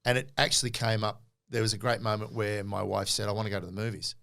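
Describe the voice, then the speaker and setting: A middle-aged Australian man, a podcast guest, telling animated stories in a casual interview and acting out quoted dialogue. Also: fairly low pitch, fast, vocal fry.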